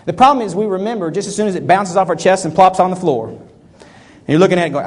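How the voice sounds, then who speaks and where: A man's voice: high-pitched, fast talker, darkish tone. A man giving a keynote talk on stage to a live audience, acting out little scenes in quoted voices. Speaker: keynote speaker.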